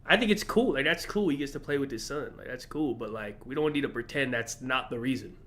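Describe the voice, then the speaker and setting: A man's voice: medium pitch, a little fast, a bit bright. A man streaming, reacting in casual, blunt, profane commentary, often incredulous.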